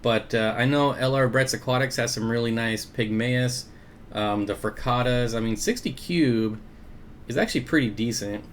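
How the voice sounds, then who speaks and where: A man's voice: medium pitch, normal speed, a little hiss or hum. Easygoing man hosting a fish livestream. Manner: easygoing, greets viewers by name, chuckles often. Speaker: aquarium livestream host. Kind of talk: casual livestream chat, reading viewer comments.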